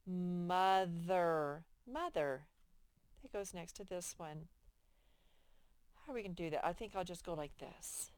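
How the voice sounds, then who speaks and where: A woman's voice: on the low side, normal speed, long pauses, a little mellow, no echo. A woman teaching sight words to young children, patiently stretching out the sounds of each word. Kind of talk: reading lesson for young children.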